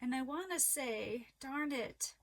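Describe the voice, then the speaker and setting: A middle-aged woman vlogging casually to camera about crochet mail, her voice going hoarse, halting and emotional with many fillers and restarts. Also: sits high, lively intonation, a little hiss or hum. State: losing her voice.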